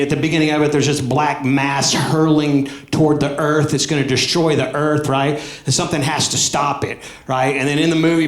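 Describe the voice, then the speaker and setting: A man with a Southern US accent doing animated, high-energy stand-up comedy on a club stage. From American South. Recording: echoey club with crowd and noise. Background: laughing audience.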